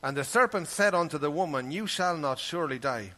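A man's voice: fairly high pitch, expressive, fairly quick, bright, forceful tone. A man preaching a sermon, talking earnestly and conversationally and reading scripture aloud. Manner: earnest, conversational, reads scripture in King James wording.

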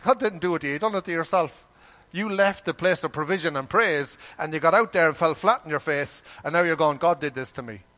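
Male preacher, fairly high pitch, folksy and animated sermon delivery. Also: a little fast. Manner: animated, rhetorical questions, colloquial grammar.

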